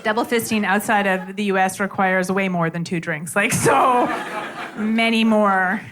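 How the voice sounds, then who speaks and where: A woman doing a stand-up comedy set, telling a story with lots of fillers in an animated, chatty way. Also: medium pitch, measured pace, noisy background. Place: comedy club stage with audience laughing. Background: audience laughter.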